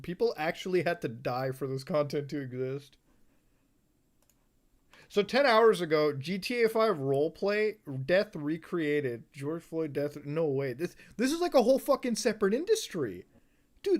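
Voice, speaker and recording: A woman streamer giving profane reaction commentary on a live stream, exclaiming and shrieking in disbelief. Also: mid-range voice.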